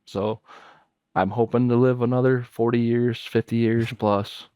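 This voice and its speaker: A man's voice: mid-range voice, little pitch movement, a little slow, darkish tone, clear, resonant tone, dry recording, studio quality. A man guesting on a podcast, speaking earnestly and a little rambling, repeating his main points. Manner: heartfelt, rambling, repeats key phrases. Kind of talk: earnest personal sharing.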